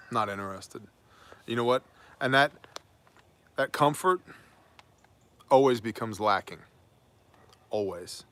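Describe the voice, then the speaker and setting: A man's voice: fairly low pitch, a bit bright. A man delivering an opinionated daily news monologue, emphatic and preachy, with wry asides. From United States. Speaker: prepper news commentator.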